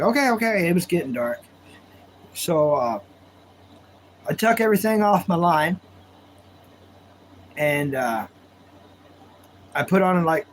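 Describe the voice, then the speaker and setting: A man with a fairly high voice hosts a relaxed live stream from home. He rambles in a folksy way, answering viewer comments and spinning stories. A faint hum sits underneath. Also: rough recording. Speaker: livestream host. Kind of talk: casual live-stream chat and storytelling.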